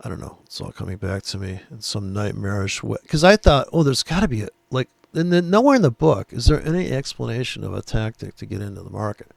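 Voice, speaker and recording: A man's voice: lowish voice, big pitch swings, a little fast, gravelly, few pauses, no echo. A man ranting and swearing as he talks through trading charts on screen, drifting off-topic. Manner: profane, ranting, off-the-cuff. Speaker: forex trader explaining charts. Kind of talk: rambling screen-share chart commentary. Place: at a computer desk.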